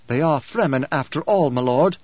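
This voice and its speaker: A man's voice: expressive, moderate pace, a little mellow, dry recording. A man voicing a fanatical male advisor who talks in an insistent, pleading manner. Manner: pleading, insistent, higher-pitched. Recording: dull lo-fi audiobook recording.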